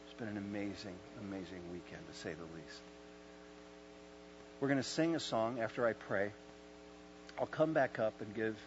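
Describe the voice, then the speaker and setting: A man preaching a sermon at an evening church service, moving from calm teaching to loud, impassioned storytelling and hushed moments. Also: on the low side. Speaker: pastor. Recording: dull lo-fi sound with faint mains hum.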